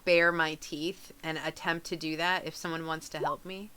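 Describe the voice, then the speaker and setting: A woman's voice: low-pitched, little pitch movement, normal speed, sharp tone. A woman playing a tabletop game, chatting casually and saying "like" a lot. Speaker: player.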